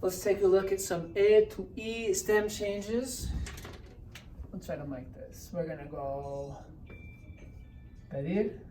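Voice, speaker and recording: A woman's voice: mid-range voice, takes it slowly, long pauses, music in the background. A woman teaching a Spanish grammar lesson, explaining step by step and often checking in with "right?". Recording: roomy echo, distant mic, faint hiss.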